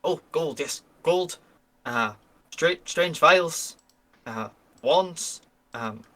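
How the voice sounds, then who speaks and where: An excitable little goblin guard, as a game master puts him on, chattering in broken, simple phrases. His voice sits well above a normal man's and jumps around eagerly. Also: on the high side, extremely slow, full character voice. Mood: conspiratorial. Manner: broken pidgin speech, excitable.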